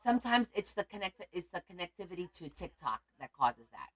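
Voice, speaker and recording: A woman's voice: lowish voice, very animated, a little fast, fairly bright tone. Chatty woman crafter on a livestream. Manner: chatty, emotional, shows crafts to viewers. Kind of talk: casual livestream chat.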